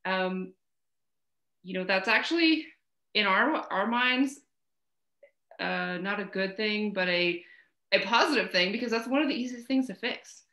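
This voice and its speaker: Bright-voiced woman podcast host. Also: mid-range voice, lively intonation, measured pace, long pauses. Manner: conversational, lots of fillers like "you know" and "right?". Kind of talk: casual podcast conversation. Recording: echoey room.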